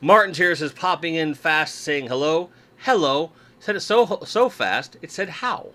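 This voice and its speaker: A man with a slightly high, sharp voice and lively intonation talks at a moderate pace. He's hosting a casual livestream from his desk at home, chatting and joking with viewers as he unboxes toys.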